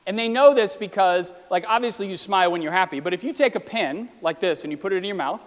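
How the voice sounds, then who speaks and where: A man with a high voice gives an explanatory talk with slides, again and again putting rhetorical questions to his listeners. His voice rings out with a long reverb, as if he were recorded in a large hall. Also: fast. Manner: asks the audience many rhetorical questions. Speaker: presenter.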